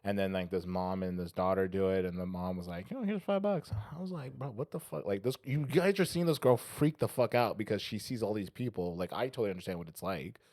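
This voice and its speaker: A man's voice: low-pitched, fast, few pauses, darkish tone, dry recording. A man co-hosting a casual podcast, telling a long anecdote and acting out the people in it, with frequent swearing. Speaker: podcast co-host. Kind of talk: casual chat, storytelling.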